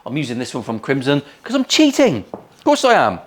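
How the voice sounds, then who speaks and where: Brisk and medium-pitched with huge pitch swings, a man from England with a West Country accent runs a guitar-building vlog in his home workshop. The talk is cheeky, jokey and sweary.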